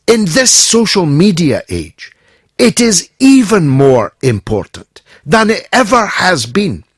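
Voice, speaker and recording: A Scottish man hosts a radio phone-in, speaking slowly and emphatically with dramatic pauses. His pitch rises and falls in big sweeps, set a little high for a man. The sound is dry and close. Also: a bit bright, husky, no echo. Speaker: radio talk show host. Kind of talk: talk radio monologue and phone-in.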